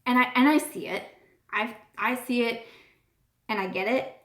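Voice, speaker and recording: A woman's voice: fairly high pitch, normal speed, fairly bright tone. A woman hosting a casual live-stream chat, talking in a gushing, earnest way and often repeating herself. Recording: roomy echo.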